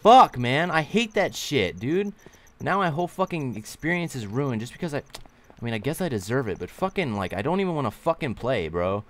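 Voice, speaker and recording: A man's voice: mid-range voice, sing-song, moderate pace. A young man giving casual gameplay commentary, ranting with heavy swearing and taunting other players. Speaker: gamer.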